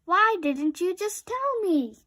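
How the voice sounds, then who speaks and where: Brief: woman voicing excitable young male rabbit, storybook, high, slow and fretful. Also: exaggerated voice. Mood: cheerful.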